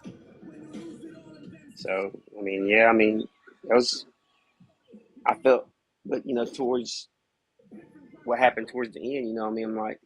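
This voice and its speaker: A man's voice: mid-range voice, big pitch swings, a little slow, long pauses, slightly rough, no room sound, faint music behind. A man guesting on a podcast, casually and candidly telling a hard personal story, peppered with "you know what I mean.".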